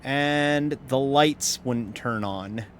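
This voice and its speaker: A man's voice: mid-range voice, very slow. A tired man giving casual, rambling live-stream commentary while sim racing, wry and swearing now and then. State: tired, yawning.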